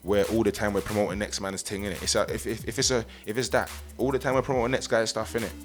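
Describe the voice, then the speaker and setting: A London man talks quickly in a low voice, rambling through a relaxed studio interview. His speech is thick with slang and he keeps tagging lines with "innit". Faint music sits underneath the recording. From England. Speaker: guest, MC and producer. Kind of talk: casual radio interview chat.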